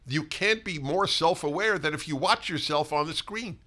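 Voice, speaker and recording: An older man co-hosting a talk show, telling stories in an animated way with frequent restarts and repeated words. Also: on the high side, normal speed. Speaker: co-host. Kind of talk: casual conversational talk show.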